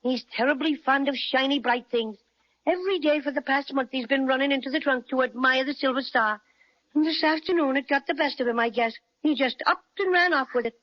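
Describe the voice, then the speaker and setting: A woman's voice: sits high, a little fast, close to an everyday voice. A woman voicing a small, friendly male teddy bear with a playful Irish-flavored lilt, in a radio play on a dull lo-fi recording. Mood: kindly, coaxing.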